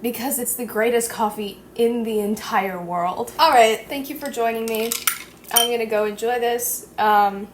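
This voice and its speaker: A young woman with a slightly high voice chats playfully through a casual home how-to vlog. She gushes and jokes as she goes. A faint hiss sits under the recording. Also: fairly even intonation, moderate pace. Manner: chatty, playful and gushing. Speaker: vlogger.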